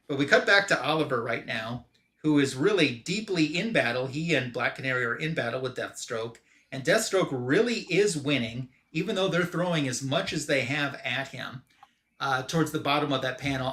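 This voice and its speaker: A man with a bright, forceful voice talks through a comic issue in a loose, chatty way. He sums up the action and tosses in quick paraphrases of what the characters say. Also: medium pitch. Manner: retells the story loosely with quick paraphrased quotes. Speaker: comic book podcast host. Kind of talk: casual comic recap.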